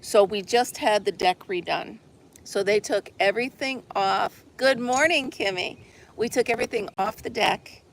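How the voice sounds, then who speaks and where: Woman host, casual chatty livestream, gravelly voice, faint outdoor hush behind her. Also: medium pitch, moderate pace, slight background noise. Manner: chatty, rambling, laughs often. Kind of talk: casual chat with viewers. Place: outdoor deck with a swing.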